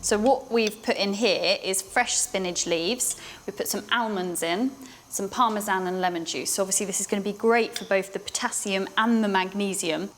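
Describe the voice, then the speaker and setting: A woman's voice: medium pitch, steady tone, normal speed, a bit bright, slight background noise. Friendly woman dietitian. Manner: friendly, reassuring and encouraging. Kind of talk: explaining a diet to a patient.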